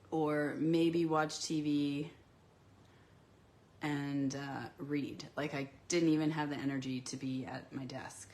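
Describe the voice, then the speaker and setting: A woman with a low voice, clearly sick and congested, rambles casually with plenty of ums. She's demonstrating papercraft products on a live stream from her craft desk at home.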